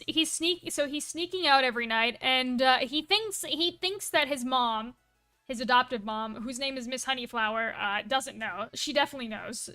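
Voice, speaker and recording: High, bright-voiced woman streamer. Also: smooth. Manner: rambling, full of asides and self-corrections; playful and quick to laugh at herself. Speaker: livestreamer. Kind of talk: casual storytelling on a live stream.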